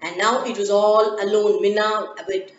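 A woman narrating a children's story slowly and gently, with occasional fillers. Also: mid-range voice, level tone. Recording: dull, echoey room, from far off.

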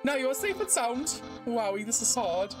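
A woman voicing an eager, loud young male skeleton in a game. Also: a little high, very animated, moderate pace, music in the background, voice pushed up.

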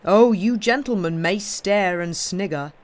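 A man reading aloud, voicing a huge brooding blacksmith who speaks in loud, grave declarations. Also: fairly high pitch, unhurried, clean tone, close to an everyday voice. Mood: fervent. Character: huge brooding male blacksmith, grim and devout.

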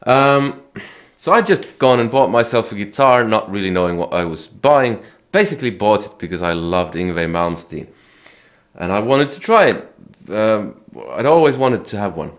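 A man who hosts his own channel, talking casually about his guitar in a relaxed, chatty way, often correcting himself. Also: on the low side, normal speed. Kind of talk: casual gear talk to camera.

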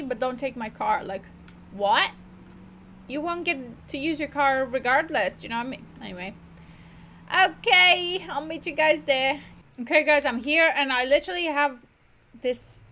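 A woman's voice: sits high, animated, moderate pace, a bit bright, slight background noise. A woman gaming streamer giving casual gameplay commentary, chatty and self-mocking, always saying "literally". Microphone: desk microphone.

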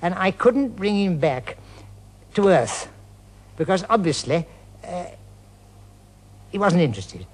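A man's voice: high voice, big pitch swings, takes it slowly, long pauses. An older man, a former pilot, recalling events in a hesitant way, repeating words and speeding up when he quotes others. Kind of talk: archival interview recollection.

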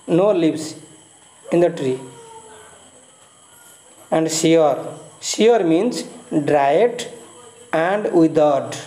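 Slow, mellow-voiced Indian teacher. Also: male voice, high voice. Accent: Indian English. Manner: repeats key words and glosses meanings step by step. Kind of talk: explaining a poem in a recorded lesson. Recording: echoey room.

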